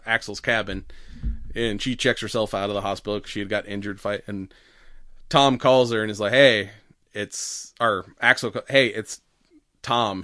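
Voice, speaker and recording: A man chats loosely on a podcast, retelling a horror film and breaking into laughter as he acts out the characters' lines. His voice sits at an ordinary pitch, and the recording is dry and close with no room sound. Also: sharp tone, no room sound. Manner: laughs often, acts out quotes. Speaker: podcast co-host. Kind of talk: casual chat recapping a movie.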